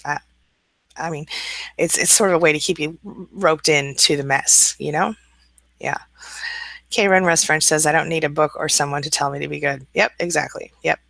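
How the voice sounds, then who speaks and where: A woman hosting a casual live stream, reading out viewer comments and answering them with a warm, chatty manner. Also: low voice, steady tone, moderate pace, creaky, pauses often, dry recording.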